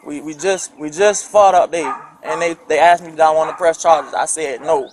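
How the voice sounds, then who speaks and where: High-voiced man, rambling and halting. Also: steady tone. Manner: rambling, halting, many restarts. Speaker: complainant talking to police. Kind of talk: bodycam conversation. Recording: bodycam audio with crowd noise.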